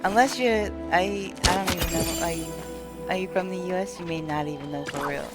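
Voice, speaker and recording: A woman's voice: lowish voice, brisk. A woman with a New York accent chatting casually with her viewers while gaming on a live stream, laughing often. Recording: game music playing behind.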